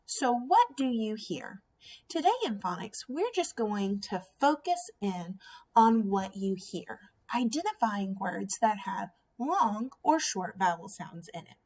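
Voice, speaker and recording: A woman teaching a phonics lesson to young children, sounding out each vowel slowly and clearly. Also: medium pitch, sing-song, darkish tone. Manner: slow, drawn-out sounding out of vowels. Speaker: first grade teacher.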